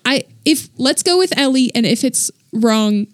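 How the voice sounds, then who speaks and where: A woman playing a quiz in casual chat, animated and self-deprecating. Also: high-pitched, unhurried, dry recording, clean studio sound. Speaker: quiz player.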